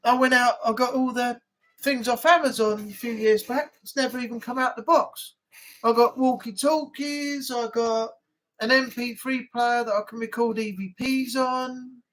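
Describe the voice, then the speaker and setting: A man's voice: extremely high pitch, fairly even intonation, normal speed, fairly bright tone. A man with an English accent hosting a casual live chat, telling stories in a rambling, blunt way.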